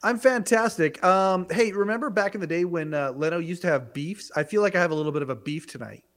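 Teasing producer from Canada, man, slightly high voice, casual and wry. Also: quick pace, fairly bright tone. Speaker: show producer. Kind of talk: casual chat on a remote call.

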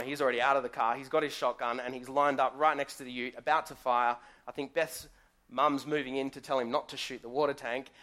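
A man's voice: mid-range voice, fairly bright tone. A man preaching a live sermon in a church as guest pastor, talking in a conversational storytelling way and asking the congregation questions.

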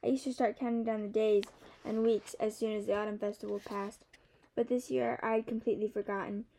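A young woman reading a novel aloud in the first person, measured and softly expressive. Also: medium pitch. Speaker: audiobook narrator.

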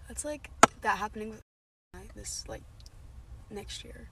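A woman's voice: mid-range voice, huge pitch swings, a little slow. A young woman co-hosting a casual podcast, reacting with short exclamations and teasing. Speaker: podcast co-host. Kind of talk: casual chat. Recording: distant mic with clear room noise.

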